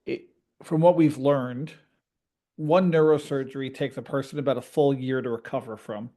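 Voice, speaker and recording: Animated storytelling man on a video call. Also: mid-range voice. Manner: animated storyteller, quick and lively. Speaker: parent and guest.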